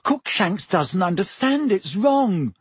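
Bossy, earnest teen schoolgirl read by a man, pitched up high and slightly husky. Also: very animated, slow, no echo, full character voice. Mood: anxious. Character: clever earnest teenage schoolgirl. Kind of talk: audiobook character voice.

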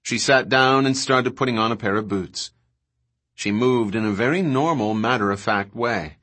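An audiobook narrator, a man with a medium-pitched voice, reads a novel as scripted narration in a calm, even storytelling manner at a moderate pace.

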